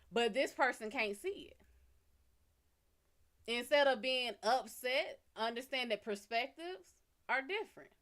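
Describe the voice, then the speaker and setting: A woman with a slightly high, a bit bright voice hosts a live psychic reading stream. She gives casual advice bluntly and swears freely.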